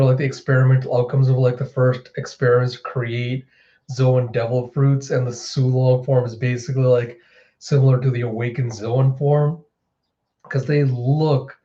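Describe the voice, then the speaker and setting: A man's voice: medium pitch, warm tone, lo-fi sound. A man giving casual reaction commentary as a manga reviewer, retelling scenes and acting out lines.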